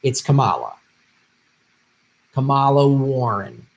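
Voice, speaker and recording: A man hosting a political commentary livestream, reading viewer donations and ranting with heavy profanity, swinging from muttering to shouting. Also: mid-range voice, sing-song, slow pace, vocal fry.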